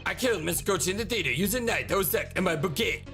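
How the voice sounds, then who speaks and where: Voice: mid-range voice, lively intonation, rapid-fire, pushed and bright, soft background music. A game streamer voicing an arrogant foreign male ambassador with a put-on foreign accent, dismissive and haughty.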